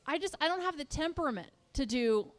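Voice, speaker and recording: A woman's voice: sits high, lively intonation, brisk. A young woman doing a stand-up set on a club stage, chatty and self-deprecating, full of "like". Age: young adult. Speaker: stand-up comedian. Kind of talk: stand-up routine.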